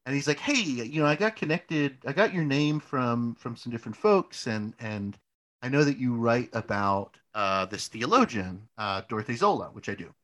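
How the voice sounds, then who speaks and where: A man's voice: mid-range voice, expressive, moderate pace, fairly bright tone. A young man in a casual podcast chat, telling a long story with lots of restarts, "like" fillers and casual swearing. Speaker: podcast co-host.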